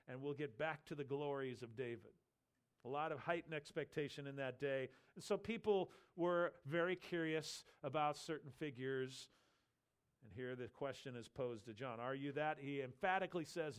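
Higher-voiced man preaching a Bible lesson. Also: moderate pace, clear, resonant tone. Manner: animated teaching, acts out quoted voices. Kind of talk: expository sermon.

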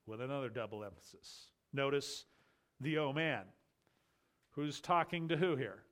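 A man preaching an expository sermon, emphatic and rhetorical, swinging between loud declarations and quiet asides. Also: mid-range voice, moderate pace.

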